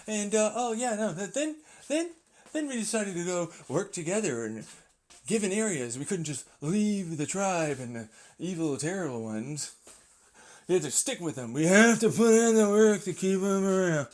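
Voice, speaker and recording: A young man vlogging in a sarcastic, swearing ramble, arguing with imagined people. His voice sits high and leaps widely in pitch. He talks casually and fast, with a loose, mocking tone. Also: big pitch swings. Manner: jumps between mock voices, sarcastic, swears a lot. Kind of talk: rambling monologue acting out arguments.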